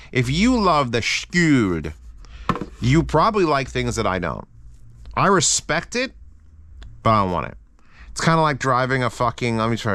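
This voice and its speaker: A man's voice: mid-range voice, a bit bright, smooth, dry recording. A man casually reviewing earphones, rambling and swearing with frequent restarts. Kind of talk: casual unscripted product review.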